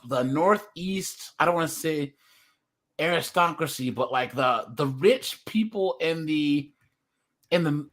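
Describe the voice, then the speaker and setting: A man's voice: on the high side, a bit bright. A man with a West Coast American accent hosting a livestream, chatting casually and animatedly, laughing and mimicking voices. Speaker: livestream host. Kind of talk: casual chat.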